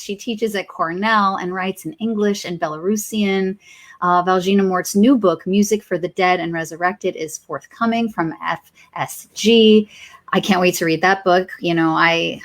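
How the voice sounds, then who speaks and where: A woman's voice: medium pitch, a bit bright. A woman hosting an online poetry event, gushing and emotional, talking with many fillers over a video call. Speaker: event host. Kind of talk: casual hosting.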